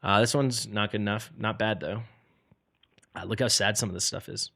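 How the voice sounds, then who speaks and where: A man's voice: lowish voice, steady tone, normal speed, vocal fry, pushed and bright. A man streaming a mobile game live, joking and playfully dramatic as he sorts through gear. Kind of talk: live gameplay commentary.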